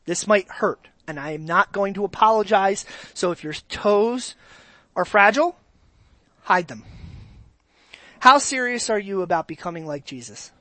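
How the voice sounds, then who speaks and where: A pastor preaching a sermon in an animated way, moving from quiet asides to loud exclamations and asking the congregation direct questions. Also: mid-range voice, a little slow, long pauses, no room sound.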